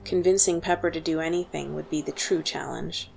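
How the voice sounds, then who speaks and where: Low gravelly woman narrating a story. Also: a little fast, slight background noise. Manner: steady first-person storytelling. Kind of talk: scripted audiobook narration.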